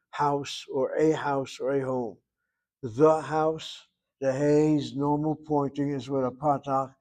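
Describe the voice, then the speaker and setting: A man's voice: medium pitch, darkish tone. Patient male Hebrew teacher, methodical. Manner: patient, methodical, repeats words for drill. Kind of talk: grammar lesson explanation.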